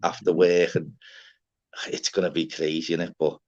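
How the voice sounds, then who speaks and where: A man's voice: sits low, level tone, normal speed, a little mellow. A man hosting a live stream, bragging and swearing in loose casual banter. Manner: boastful, slangy, swears freely. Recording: dull lo-fi stream audio.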